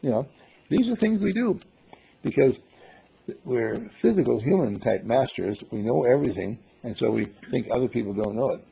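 Man, gravelly husky voice, mellow, lively pitch, dull lo-fi recording. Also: moderate pace. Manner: playful, acts out dialogue with voices. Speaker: spiritual teacher. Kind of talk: group talk.

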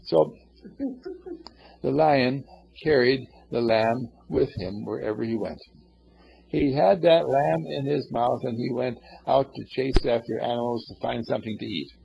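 A man's voice: medium pitch, measured pace, creaky. A man telling a story aloud in a folksy, meandering way, addressing his listeners. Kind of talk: casual oral storytelling. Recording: dull lo-fi recording.

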